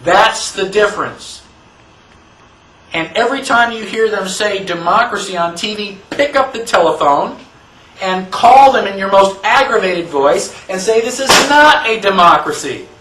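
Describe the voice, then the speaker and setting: High-voiced man lecturing in an echoey room. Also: a little slow, fairly bright tone. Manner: emphatic, rhetorical questions. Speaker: constitution class lecturer. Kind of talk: classroom lecture. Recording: echoey room, mic far off.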